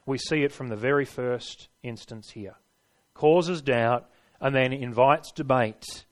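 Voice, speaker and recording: A man's voice: mid-range voice, slow. A man preaching a sermon, stressing his points and putting rhetorical questions to his listeners.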